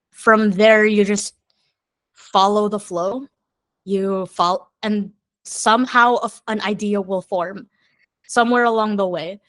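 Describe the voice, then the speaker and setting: A woman songwriter speaks as a guest in a candid, chatty conversation. Her speech is slow and unhurried, and she thinks aloud as she goes. The recording sounds close and dry. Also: medium pitch, no room sound.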